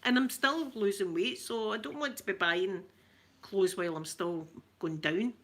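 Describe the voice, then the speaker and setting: A middle-aged Scottish woman with a Scottish accent hosts an ASMR livestream, chatting casually with viewers and telling stories with lively animation. Her voice is medium-pitched at a normal speed.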